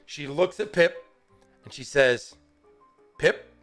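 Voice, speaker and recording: A man narrating as game master in a tabletop game, casual and quick to laugh, with music faintly behind. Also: medium pitch, animated, a bit bright.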